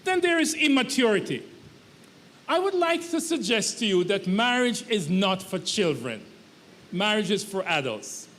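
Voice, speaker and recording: Male pastor with a very high voice, emphatic preaching, long hall reverb. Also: a bit bright. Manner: emphatic, repetitive preaching cadence. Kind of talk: sermon. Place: church sanctuary.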